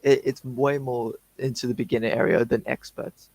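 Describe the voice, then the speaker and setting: A man's voice: mid-range voice, level tone, normal speed, darkish tone, no room sound, low-quality recording. A man from Australia co-hosting a casual live-stream chat, mumbling and often trailing off mid-word before restarting. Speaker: co-host answering viewer questions.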